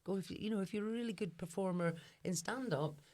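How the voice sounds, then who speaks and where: A woman co-hosting a podcast in casual chat, talking expressively and quick to laugh and agree. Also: medium pitch, a little mellow. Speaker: podcast co-host.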